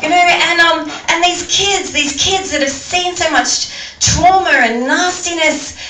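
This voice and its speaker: A woman's voice: very high voice, unhurried, pushed and bright, reverberant, distant mic, slight background noise, rough recording. A woman with an Australian accent performing a stand-up comedy set, rambling and restarting her sentences often. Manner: rambling, stammering delivery with frequent restarts. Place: comedy venue with audience.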